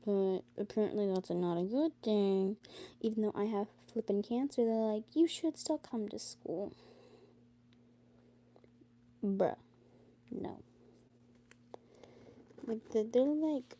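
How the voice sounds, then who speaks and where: Tired teenage girl, dark soft voice. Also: medium pitch, unhurried, long pauses. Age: teens. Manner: rambling, with many fillers and exasperated rants. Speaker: vlogger. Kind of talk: casual talk to camera. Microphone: phone.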